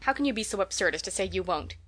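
A woman's voice: mid-range voice, expressive, fast, fairly bright tone. A woman reading aloud, voicing an affectionate, slightly bossy schoolgirl sister in her own voice. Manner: affectionate, coaxing, lightly bossy. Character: warm, eager older sister schoolgirl.

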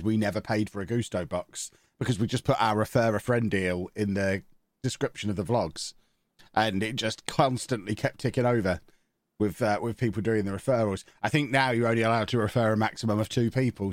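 A man's voice: lowish voice, brisk, dry recording. A man, co-hosting a podcast with dry, teasing banter. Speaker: podcast co-host. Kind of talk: casual chat.

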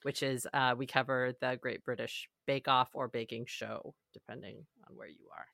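Casting: woman, low pitch, bright forceful tone, dry close sound, chatty podcast guest. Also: fairly even intonation, moderate pace, creaky, dry recording. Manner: chatty, laughs often, playful mimicry. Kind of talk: casual chat.

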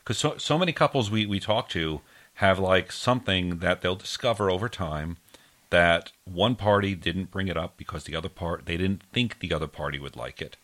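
A man's voice: sits low, moderate pace, fairly bright tone. A man co-hosting a podcast, talking in a chatty, enthusiastic way. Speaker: podcast co-host. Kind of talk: casual podcast chat.

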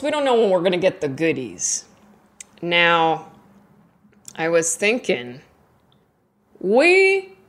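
Her tone fairly bright, a young adult woman rambles through a self-deprecating stand-up comedy set. She keeps the chat going and pops into high, squeaky voices when playing made-up friends.

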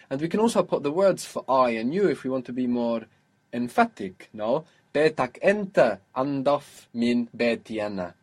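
A man teaching a spoken Arabic lesson, explaining patiently and prompting his student with questions. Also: mid-range voice.

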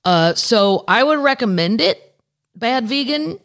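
On a podcast, a host with a mid-range, fairly bright voice and lively intonation talks at an unhurried pace. The chat is casual, candid, and rambling, with frequent swearing as news items get read aloud and commented on with asides.

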